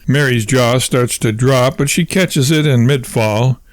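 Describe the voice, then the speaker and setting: A man's voice: mid-range voice, measured pace, dry recording. Man reading a comic novel aloud. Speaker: audiobook reader. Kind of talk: storybook narration.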